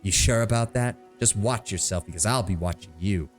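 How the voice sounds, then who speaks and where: A man's voice: fairly low pitch, fairly quick, soft background music, close to an everyday voice. A man voicing a courteous noble baron who speaks in a formal, polite way.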